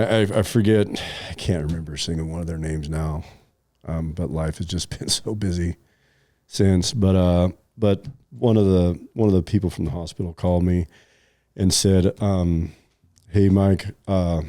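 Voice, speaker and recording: Middle-aged guy rambling thru a story, low mellow voice, lots of likes and you knows, kinda choked up. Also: fairly even intonation, measured pace, no room sound, clean studio sound. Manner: rambling, many fillers and restarts. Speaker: podcast co-host. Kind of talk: casual storytelling chat.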